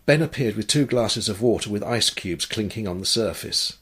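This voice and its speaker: A man narrating an audiobook story in a calm, measured manner. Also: lowish voice, slightly rough. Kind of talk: scripted narration.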